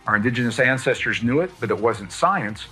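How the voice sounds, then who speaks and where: A man giving a lecture-style talk, explaining in a measured, deliberate way. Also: medium pitch, expressive, sharp tone, soft background music. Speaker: speaker on science and spirituality.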